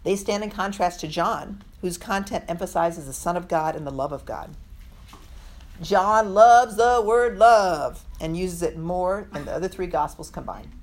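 A woman's voice: lowish voice, unhurried, darkish tone. A woman teaching a women's Bible study, earnest and reflective, acting out the scripture quotes as she goes.

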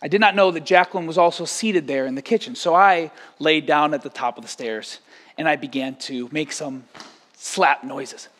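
High-voiced animated male preacher. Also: moderate pace. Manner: animated, acts out quotes and stories. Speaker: pastor. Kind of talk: sermon.

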